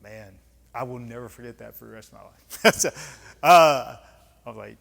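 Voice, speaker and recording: At normal speed, a man in his fifties speaks in a creaky, medium-pitched, slightly bright voice. A retired senior Army leader from the United States, he gives a lecture and Q&A full of candid stories, blunt, conversational and emphatic, with folksy asides, under the long reverb of a club lecture hall.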